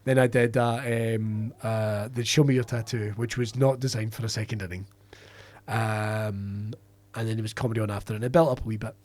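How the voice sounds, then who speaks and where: A Scottish comedian telling a rambling, sweary anecdote in a casual podcast chat. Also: male voice, fairly low pitch, steady tone, normal speed, a little mellow. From Scotland. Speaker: comedian guest.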